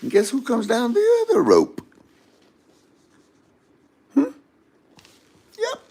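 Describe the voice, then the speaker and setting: A man's voice: very high-pitched, wildly swooping pitch, moderate pace, vocal fry, warm tone, slightly rough. A man telling a comedic story in a rambling way, mixing up names and correcting himself as he goes.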